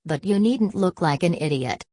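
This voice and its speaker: An exasperated older father scolds with bitter anger, read by a woman narrator. The voice is low, and the audiobook recording is dry and close. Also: expressive, normal speed, warm tone, no room sound. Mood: angry. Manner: angry and scolding.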